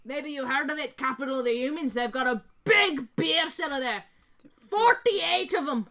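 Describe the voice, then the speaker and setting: A woman voicing a boisterous, hearty male dwarf who greets strangers as brothers and talks loudly. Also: high-pitched, normal speed, voice pushed up. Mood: boastful. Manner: loud, jovial, back-slapping.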